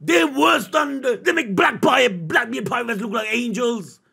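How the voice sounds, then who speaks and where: A man streaming a live manga reaction, emotional and slangy, swinging between shouting and low muttering. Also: normal speed, creaky, breathy edge.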